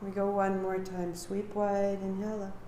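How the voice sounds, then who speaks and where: A woman teaching a live kundalini yoga class, giving calm movement cues and sharing earnest reflections. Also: mid-range voice, normal speed, a little hiss or hum. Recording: echoey room.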